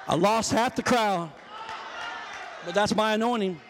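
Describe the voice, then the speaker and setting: A man preaching a fervent sermon in a church, often shouting calls to the congregation. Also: high voice, a little slow, some chatter behind, a little hiss or hum. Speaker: pastor. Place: church sanctuary. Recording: long hall reverb.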